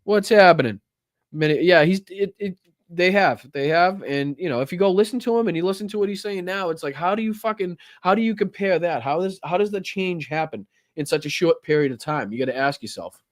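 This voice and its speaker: A man's voice: sits high, brisk, dry recording, clean studio sound. A man hosting a political livestream, ranting angrily and swearing constantly, with stammering restarts. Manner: angry, profane, heated ranting. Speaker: political commentary host.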